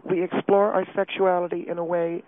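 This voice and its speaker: A man's voice: high-pitched, little pitch movement, voice pushed up, close to an everyday voice. A man playing a distraught, prim housewife on a tinny phone line. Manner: halting, breathless, self-pitying confession. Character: distraught, prim middle-aged wife calling in. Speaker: caller.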